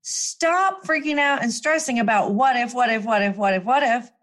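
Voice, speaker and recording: A woman telling a personal story in a chatty, emphatic way, her voice jumping up when excited. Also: normal speed. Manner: chatty, animated, emphatic with swings up in pitch. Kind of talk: casual storytelling monologue.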